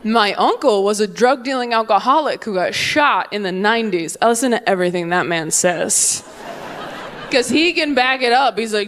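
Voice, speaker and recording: A woman's voice: fairly high pitch, moderate pace, fairly bright tone, a little hiss or hum. A young woman doing a stand-up comedy set on stage. She delivers punchy, playful lines and slips into mocking voices for the people in her stories. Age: young adult. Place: comedy stage before a live audience.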